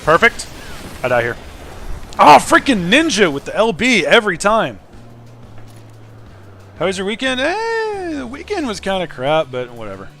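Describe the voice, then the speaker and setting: A man streaming a video game, chatting casually and swinging between loud outbursts and quiet muttering. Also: sits high, huge pitch swings, normal speed, pauses often, faint music behind. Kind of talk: casual gaming stream chat.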